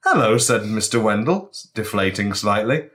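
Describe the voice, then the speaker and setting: A young man with a low voice reads out a comic story in deadpan, mock-solemn tones. He sounds a bit tipsy. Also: moderate pace. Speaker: podcast co-host reading his story. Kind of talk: comic reading of an absurd story.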